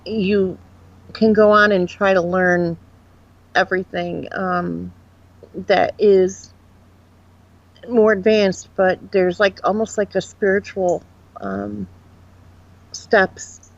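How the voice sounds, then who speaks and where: Woman medium telling stories, lo-fi. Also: medium pitch. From Upstate New York. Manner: rambling, frank, animated retelling. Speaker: guest psychic medium. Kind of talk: casual interview storytelling. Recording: dull lo-fi sound.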